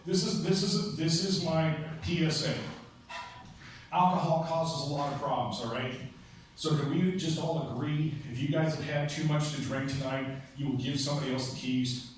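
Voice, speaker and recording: Stand-up comic in an echoey club. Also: male voice, on the high side, fairly even intonation, normal speed. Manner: conversational storytelling with punchy asides. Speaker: stand-up comedian. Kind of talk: stand-up comedy set. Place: comedy club stage. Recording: echoey club, distant mic, crowd noise. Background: audience laughter.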